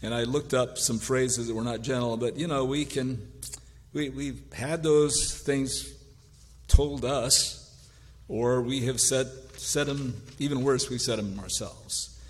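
A man preaching a sermon, reading word lists slowly and adding wry mock-gentle asides. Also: medium pitch, steady tone, long reverb tail. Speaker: pastor.

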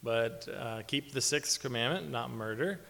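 A male preacher giving a conversational sermon, halting with fillers and chuckling often. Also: mid-range voice, gravelly, fairly bright tone. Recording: long hall reverb.

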